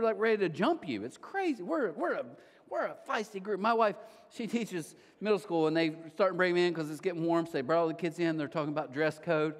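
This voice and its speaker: A man, preaching a conversational sermon and acting out the voices of people he quotes. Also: high-pitched. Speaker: pastor. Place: large church auditorium. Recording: long hall reverb.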